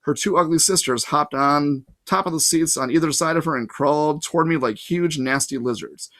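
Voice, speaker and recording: A man reading a novel aloud, narrating in a steady first-person manner. his voice sits a bit high for a man. he adds occasional casual asides to his listeners. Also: moderate pace. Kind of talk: storybook read-aloud.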